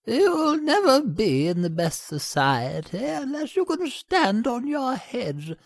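A man voicing a prim, proper mother duck in a storybook, pitching his voice high. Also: huge pitch swings, slow pace, creaky, dry recording, studio quality, exaggerated voice.

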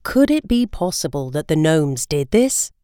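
Worried storybook mum, woman reader doing her; anxious questions, lively lilt, dry. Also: deep voice, measured pace, clean tone, no echo, pitched below the performer's own voice.

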